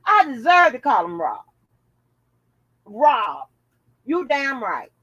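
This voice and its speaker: A woman's voice: high-pitched, wildly swooping pitch, takes it slowly, a bit bright, husky, no room sound. A woman hosting a casual commentary vlog, chatting bluntly and jokingly to her viewers with plenty of profanity. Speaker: channel host.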